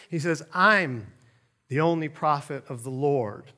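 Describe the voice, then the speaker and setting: Lively man teaching a Bible lesson. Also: a little high, normal speed. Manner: animated, laughs often, acts out quotes loudly.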